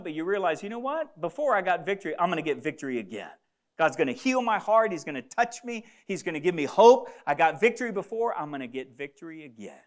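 A man preaching a sermon as pastor in a church, stumbling into restarts and moving between loud emphasis and hushed asides. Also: sits high. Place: church building with congregation.

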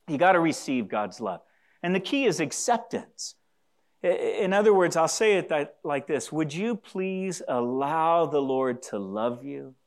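A man preaching a sermon to a congregation, earnest and repeating key phrases for emphasis, sometimes asking listeners to say lines back to him. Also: medium pitch. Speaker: pastor.

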